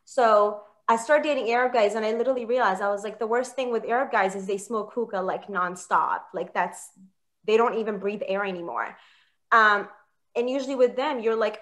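A woman in her thirties works a comedy club crowd, her voice bright and cutting, pitched a little high. She tells stories about herself and jumps into the quoted voices of the people in them. It sounds like a stage mic in front of a live room. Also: normal speed. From Palestinian American. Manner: chatty, self-mocking, acts out quoted dialogue. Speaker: stand-up comedian. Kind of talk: stand-up comedy set.

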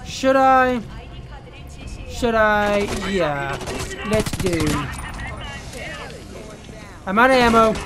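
A man's voice: extremely high pitch, slow pace, pauses often, pushed and bright, soft background music. A man commentating his own gameplay casually, cursing and ranting as he gets frustrated, then talking straight to his viewers. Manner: talks to viewers directly. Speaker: gaming YouTuber.

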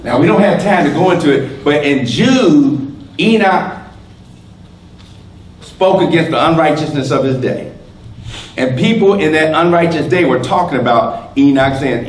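A man's voice: on the high side, expressive, slow, long pauses. Preaching man in an echoey church. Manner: swings from loud and shouting to soft whispers, repeats words. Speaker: pastor. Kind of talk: sermon. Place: church sanctuary. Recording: echoey church room, faint background noise.

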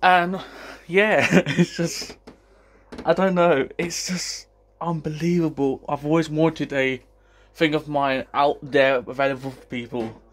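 A man, out of breath and excited, rambling through a casual vlog announcement as a YouTuber. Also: a little high, takes it slowly. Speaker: YouTuber and podcast host.

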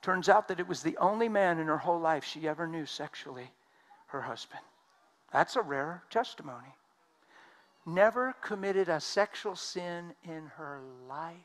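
Emphatic preacher man, slightly high voice. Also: moderate pace. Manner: emphatic, swings from loud to hushed. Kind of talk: sermon storytelling.

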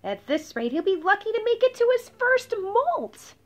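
A woman's voice: extremely high pitch, very animated, normal speed, pitched above the performer's own voice. A woman voicing a fussy, disapproving grown-up snake in a read-aloud storybook. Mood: scolding. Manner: scolding, fussy.

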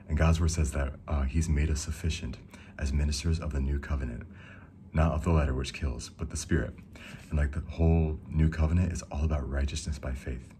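A young man giving a casual, rambling devotional talk, reading verses slowly and enthusing between them. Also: very deep voice, fairly even intonation, dark tone, slight background noise. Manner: reads scripture slowly. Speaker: Christian speaker.

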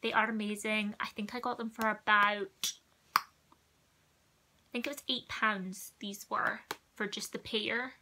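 A young woman from the United Kingdom, a beauty vlogger chatting casually about her favourite products, rambling with asides and quick self-corrections. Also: mid-range voice, steady tone, background noise. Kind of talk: casual chat.

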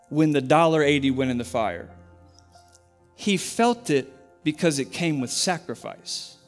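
Pastor guy preaching in church, repeats himself for emphasis, kinda high voice. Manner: earnest, emphatic, repetitive. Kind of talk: sermon storytelling.

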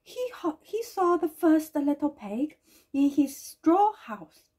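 A woman reading a children's storybook aloud in a gentle way, with small slips and restarts. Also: high voice, very animated, slow pace.

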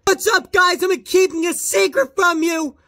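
A man mocking a loud, overexcited kid youtuber in a shrill voice. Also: steady tone, measured pace, vocal fry, dry recording, clean studio sound, exaggerated voice. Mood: hyper. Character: loud squeaky kid youtuber parody, hyper.

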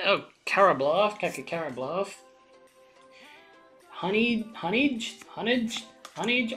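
Lively young woman swearing through pack openings. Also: medium pitch, moderate pace, soft background music. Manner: excitable, swears a lot, chatty asides to viewers. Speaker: channel host opening card packs. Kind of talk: casual pack-opening commentary.

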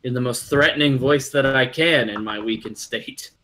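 A man's voice: mid-range voice, moderate pace, crowd noise. A man playing a tabletop game who hesitates and thinks aloud about his moves. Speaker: player.

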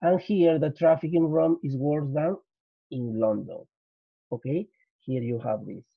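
Husky man teaching English with a Spanish accent. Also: a little high, dry recording. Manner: explains slowly, repeats, switches into Spanish for students. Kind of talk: recorded grammar lesson. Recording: dull lo-fi.

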